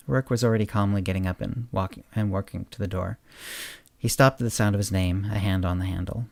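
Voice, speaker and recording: A man hosting a podcast, reading his own short story aloud in a steady narration. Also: on the low side, a little fast, vocal fry, no echo. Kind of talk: audiobook-style story narration.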